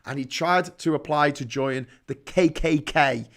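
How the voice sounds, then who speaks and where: A man's voice: fairly high pitch, a little slow. A man with a Liverpool accent, hosting a casual monologue, rambling through stories with restarts and mild swearing. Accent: Liverpool English. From England. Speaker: host.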